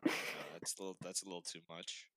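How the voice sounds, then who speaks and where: A man's voice: deep voice, little pitch movement, fast, dry recording, poor audio. A young man from Massachusetts in casual chat, rambling with plenty of fillers.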